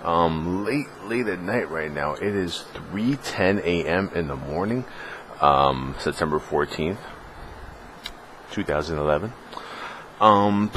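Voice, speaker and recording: A man with a deep, low voice chats casually on his gaming vlog late at night at home. He rambles through plenty of fillers and gets excitable about the game. A faint hum sits behind him. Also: takes it slowly, pauses often. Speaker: gaming vlogger. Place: home room in California.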